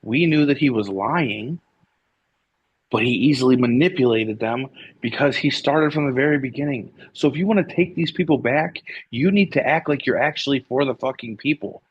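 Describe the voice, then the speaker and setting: A man co-hosting a casual political talk show, heated, halting and often restarting his sentences. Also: mid-range voice, husky. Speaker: podcast co-host. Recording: dry, dull lo-fi sound.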